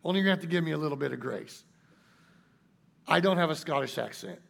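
A pastor delivering a sermon in a folksy, emphatic manner, drawing out his key points. His voice is high for a man and carries a gravelly, creaky texture. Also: expressive, fast talker, fairly bright tone.

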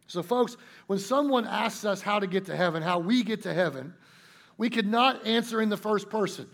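A pastor delivering a sermon in a folksy, emphatic manner, drawing out his key points. His voice is high for a man and carries a gravelly, creaky texture. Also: expressive, normal speed, fairly bright tone.

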